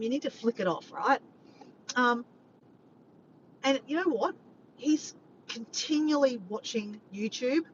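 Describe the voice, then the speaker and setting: A woman rambling to her viewers on a live stream, animated and swearing freely. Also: fairly high pitch. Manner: animated, swears often, keeps addressing "guys". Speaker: vlogger doing a live stream. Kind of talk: rambling casual chat to viewers. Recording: slightly muffled, faint background noise.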